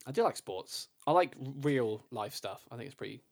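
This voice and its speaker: A man's voice: medium pitch, animated, moderate pace. Teasing, swearing male podcast host. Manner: swears freely and teases. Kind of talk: casual chat.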